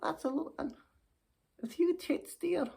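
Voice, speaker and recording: A woman voicing a chatty, giddy Scottish woman puppet in her sixties, who speaks in a high, fluttery voice and calls everyone dear in a ventriloquist act. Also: moderate pace, creaky, warm tone. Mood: giddy, excited. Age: 60s.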